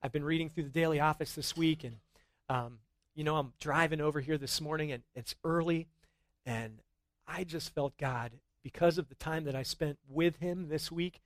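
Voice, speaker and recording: A middle-aged man preaching a sermon in a church, earnest and rising to excited emphasis at times. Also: fairly high pitch, moderate pace, no echo. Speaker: pastor.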